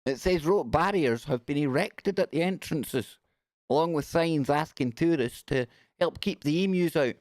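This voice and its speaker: A man's voice: on the high side, moderate pace, darkish tone, dry recording, clean studio sound. Chatty man hosting a live stream. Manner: chatty and jokey, giggles while reading. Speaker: radio show host. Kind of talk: casual live-stream chat.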